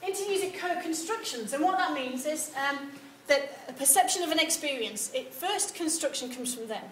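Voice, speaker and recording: A woman giving a university lecture, animated and acting out example replies. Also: high-pitched, normal speed. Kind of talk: lecture on research methods. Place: lecture hall. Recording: echoey lecture room with some background noise.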